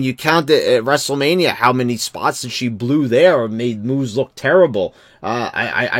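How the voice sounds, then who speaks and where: A man's voice: mid-range voice, no echo. Rambling, cursing man with dry sound. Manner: rambling, many restarts, profane. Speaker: wrestling commentary vlogger. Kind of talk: casual opinion rant.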